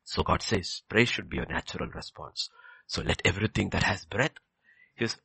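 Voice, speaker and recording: A man preaching a sermon with passion, leaping from loud exclamations down to hushed near-whispers. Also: sits low, moderate pace, vocal fry, breathy edge, no room sound.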